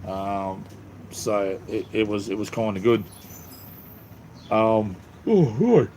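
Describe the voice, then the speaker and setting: A man's voice: lowish voice, animated, slow pace, warm tone, slight background noise. A middle-aged Australian man chatting casually on a live stream from his phone, rambling and poking fun at himself. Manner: rambling, self-mocking, easygoing.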